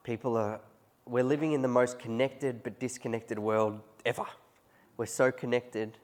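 A man's voice: mid-range voice, steady tone, a little slow, a little mellow. A man preaching a conversational sermon, often chuckling as he tells stories to his congregation. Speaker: pastor.

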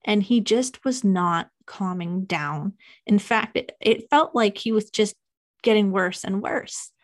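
A young woman hosting a podcast, telling a painful personal story in a halting, emotional confession. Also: medium pitch. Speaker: podcast host.

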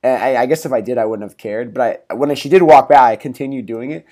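A man's voice: medium pitch, fast talker, warm tone. A young man hosting his own podcast in a casual solo talk, upbeat and rambling with lots of fillers and laughs. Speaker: podcast host.

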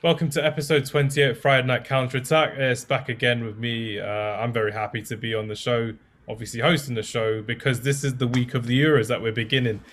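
A man's voice: medium pitch, fairly even intonation, a little fast, a bit bright, slight background noise. A man hosting a casual football podcast, chatty and self-deprecating, with many fillers. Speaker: podcast host.

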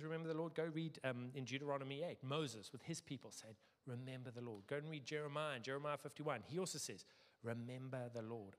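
A middle-aged man preaching a sermon as pastor, lively, acting out quoted voices with sudden jumps in pitch. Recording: long hall reverb.

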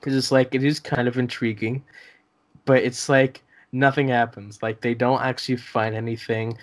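A man's voice: medium pitch, flat delivery, moderate pace. A young man co-hosting a casual podcast, laughing often and stumbling over restarts. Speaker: podcast co-host. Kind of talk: casual chat.

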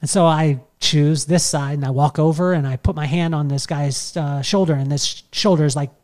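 A middle-aged man recounts a personal story in a loose, animated podcast style. His voice sits a touch higher than most men's, and he rambles on with plenty of fillers and false starts. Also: normal speed. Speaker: podcast host telling a story. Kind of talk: casual storytelling.

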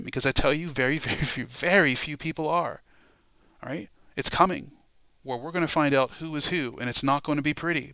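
A man preaching through a Bible lesson with a gravelly, forceful voice. He rises to loud, emphatic declarations and keeps checking in with his listeners. The sound is dry and close. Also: mid-range voice, dry recording. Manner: emphatic, building to loud proclamations, frequent "all right?" and "okay?" check-ins. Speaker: Bible study teacher. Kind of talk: sermon-style Bible teaching.

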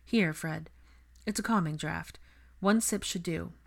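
A woman's voice: on the low side, unhurried, gravelly. A woman voicing an anxious, caring young woman in a storybook reading, earnest and close to tears.

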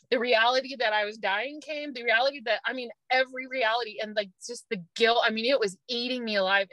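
Bright-voiced woman telling her story. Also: on the high side, no echo, poor audio. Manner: earnest, emotional storytelling with nervous laughs. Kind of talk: personal testimony.

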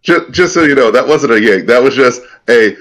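A man's voice: medium pitch, lively intonation, normal speed, fairly bright tone. A man playing a tabletop game, making dry, wry remarks. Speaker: player.

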